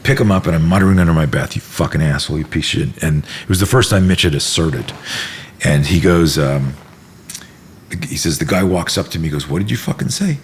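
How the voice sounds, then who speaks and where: A middle-aged man with a very low, deep voice spins a story in a relaxed interview, jumping into other people's voices and swearing freely. A faint room hum sits behind him. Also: fairly quick. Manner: animated storyteller, acts out quotes, swears freely. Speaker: self-defense instructor, podcast guest.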